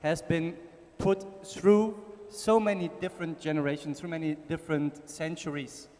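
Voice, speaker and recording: Casual german-accented guy giving a talk in a big ballroom, a bit high-pitched, lots of reverb. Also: steady tone, normal speed, darkish tone. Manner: casual, joking with the audience and slide helper. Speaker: conference speaker. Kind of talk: conference talk. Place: conference ballroom. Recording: long hall reverb.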